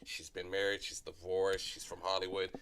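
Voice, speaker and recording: A man hosts an internet radio show, stating his opinions firmly in casual talk. His voice sits low, with a faint hiss in the background. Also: level tone, moderate pace, a bit bright. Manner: opinionated, emphatic.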